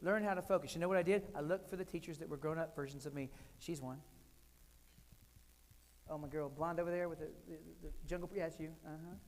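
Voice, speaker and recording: A fast-talking older American man, his voice fairly high with fairly even intonation, delivers a keynote of funny personal stories. He keeps his phrases short and punchy, and the hall around him is echoey.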